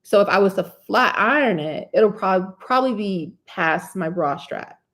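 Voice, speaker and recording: Speaking at a moderate pace with lively intonation, a woman with a mid-range, slightly bright voice answers live curly hair care questions on an indoor stream. She's from New Jersey, has the accent to match, and chats along with plenty of "you know what I'm saying."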